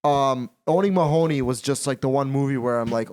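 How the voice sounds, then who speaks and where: Male podcast host, mid-pitched, animated and profane, casual chat. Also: fast talker, few pauses. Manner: animated, repetitive, swearing freely.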